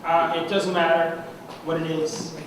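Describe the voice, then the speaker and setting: A young man with a high voice accepts an award at an annual meeting, his speech heartfelt, halting and emotional. He is picked up from far off in a large, echoing banquet room, with a steady hum of noise all around.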